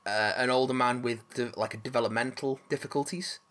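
A man's voice: mid-range voice, steady tone, fairly quick, fairly bright tone. Rambling, swearing man chatting casually. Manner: rambling, lots of fillers and restarts, swears casually. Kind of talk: casual chat.

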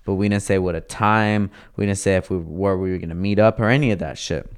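A man's voice: low voice, brisk, smooth. A young man telling a casual, profane story in slang, acting out the lines of the people in it. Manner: profane, laid-back, slangy, acts out quoted dialogue.

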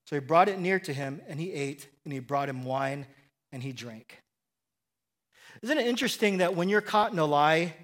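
Chatty middle-aged preacher, slightly high voice. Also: male voice, fairly bright tone. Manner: conversational storytelling, often asks "right?" and chuckles. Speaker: pastor. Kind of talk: sermon.

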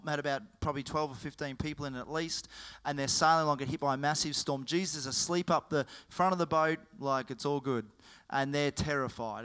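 A man delivers a sermon in a bright, forward voice that stays clear and smooth. He retells the stories casually and slips into the voices of the people in them. His pitch sits a little higher than most men's. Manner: storytelling with acted-out quotes. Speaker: preacher.

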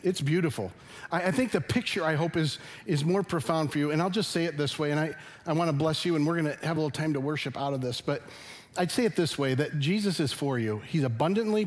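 Earnest middle-aged male pastor preaching. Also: medium pitch. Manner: earnest, conversational preaching with rising emphasis. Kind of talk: sermon. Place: church sanctuary.

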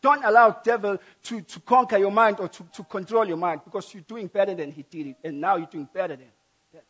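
Male preacher, sermon, high voice, emphatic, repeats phrases, loud then soft. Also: a little fast.

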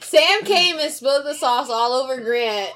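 A woman's voice: high-pitched, lively intonation, a bit bright, slight background noise. A woman in casual group chat who laughs often and teases her friends. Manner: laughing, teasing and quick.

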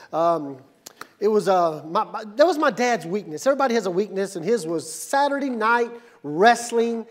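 A male pastor delivers a sermon in a church. His voice sits very high for a man. He moves from calm, steady teaching to shouted, energetic call-and-response with the congregation. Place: church sanctuary.

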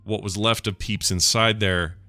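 A man's voice: fairly low pitch, steady tone, normal speed, pushed and bright, dry recording, soft background music. A man co-hosting a podcast in casual chat, telling rambling stories and now and then putting on silly voices. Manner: rambling storyteller, puts on silly caller voices. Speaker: podcast co-host.

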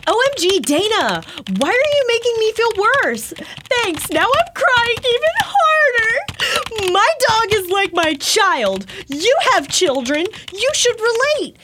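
A woman playing a sobbing drama-queen woman, overwrought, high lively voice, keyboard clatter behind. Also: slow, background noise. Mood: melodramatic. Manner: whiny, overwrought sobbing complaint. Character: melodramatic woman crying over her insulted dog.

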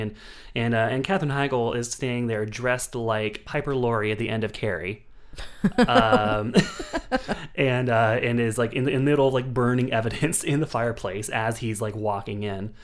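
A man's voice: mid-range voice, normal speed. A man in a casual podcast chat, recapping a film plot in a rambling way, full of fillers and restarts.

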